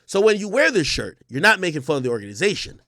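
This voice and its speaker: A man's voice: high voice, sing-song, fast talker, bright, forceful tone, no room sound, studio quality. A man hosting a casual commentary livestream, talking bluntly and emphatically, with plenty of swearing and repetition. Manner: blunt, profane, emphatic, repeats himself. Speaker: livestream host.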